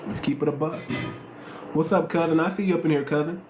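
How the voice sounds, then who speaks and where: A man's voice: fairly high pitch, quick pace, darkish tone, soft background music. Slangy male streamer in an echoey room. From United States. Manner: slangy, repetitive, emphatic. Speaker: live stream host. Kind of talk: casual live-stream talk. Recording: roomy echo, faint noise.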